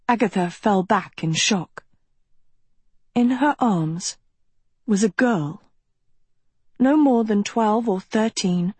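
A woman narrating a dark fantasy storybook in a measured, dramatic way. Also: mid-range voice, breathy edge, dry recording. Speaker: audiobook narrator. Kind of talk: scripted narration.

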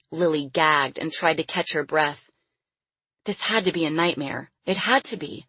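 A woman narrating a novel as an audiobook in a steady reading voice. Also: deep voice, moderate pace, husky, dry recording. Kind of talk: scripted narration.

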